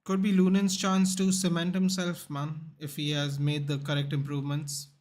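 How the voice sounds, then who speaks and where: A man's voice: fairly high pitch, moderate pace. A young man hosting a live football watchalong, reacting casually to the match and chatting with viewers. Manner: animated, chatty, reacts to the game and reads chat.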